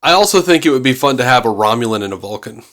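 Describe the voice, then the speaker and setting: A man's voice: medium pitch, lively intonation, quick pace, a bit bright. Male podcast co-host, mid-range voice, casual and playful, reads listener emails with plenty of laughs. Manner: jokey, laughing, plays up silly voices.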